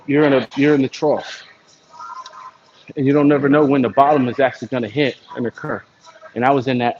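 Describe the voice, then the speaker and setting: American man, gym livestream, casual and rambling, muffled with background noise. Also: medium pitch. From United States. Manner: rambling, self-motivating. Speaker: vlogger. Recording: dull lo-fi sound with steady noise.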